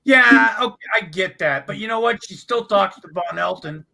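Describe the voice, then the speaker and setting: A man in casual group chat, rambling and halting, gossiping about people on a stream. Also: high-pitched, gravelly, bright, forceful tone, low-quality recording. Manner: rambling, halting, full of restarts and fillers.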